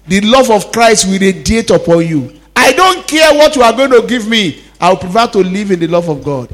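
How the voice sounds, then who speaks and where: High-voiced pastor preaching. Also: male voice, very animated, normal speed, hardly any pauses, fairly bright tone. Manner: preaching with call-and-response, repeating lines for emphasis. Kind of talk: sermon.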